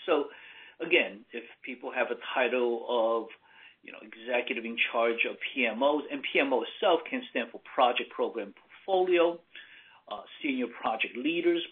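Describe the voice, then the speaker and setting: A man presenting on management roles in a measured, emphatic way, pausing with fillers. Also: medium pitch. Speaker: consulting firm executive presenting. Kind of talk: webinar presentation. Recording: tinny phone-like line.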